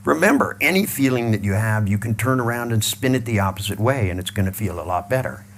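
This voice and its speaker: A man leading a live audience through a mental exercise, mixing blunt swearing with calm repeated cues. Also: on the low side, quick pace. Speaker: seminar trainer.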